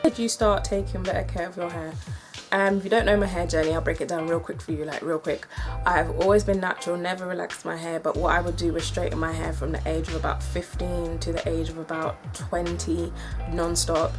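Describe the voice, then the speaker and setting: Brief: British woman, 20s, low-ish voice, breezy chatty vlogger delivery, faint music bed. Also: level tone, a little fast. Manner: chatty and upbeat, filler-heavy with "like" and "um". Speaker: hair vlogger. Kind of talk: casual to-camera chat.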